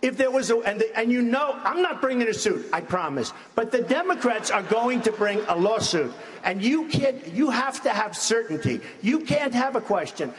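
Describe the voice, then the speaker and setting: A man's voice: very high voice, very animated, normal speed, few pauses. An older man, answering in a live debate with blunt, repetitive, emphatic phrasing. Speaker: presidential debate candidate. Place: large debate hall with audience. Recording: broadcast audio in a reverberant hall with crowd.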